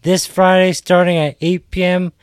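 A man speaking as a radio DJ in relaxed, casual chat. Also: high-pitched, normal speed, clean tone, no echo.

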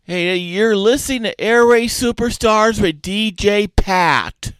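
A man's voice: high voice, slow pace, a bit bright, clean tone, dry recording. A man hosting a playful homemade radio show, with goofy, repetitive banter.

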